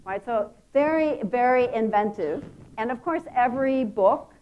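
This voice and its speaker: Woman conference speaker, slightly high, animated storyteller with playful asides; dull lo-fi recording. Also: a little slow. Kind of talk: conference talk. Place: conference hall.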